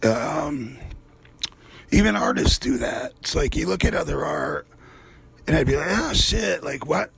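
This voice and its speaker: A man's voice: a little high, expressive, measured pace, creaky, pauses often, breathy edge. A man hosting his own art show, talking in a rambling, profane, casual monologue while he paints and drifting from one aside to the next. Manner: rambling, profane, swears freely; drifts between topics in loose asides. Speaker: artist and show host.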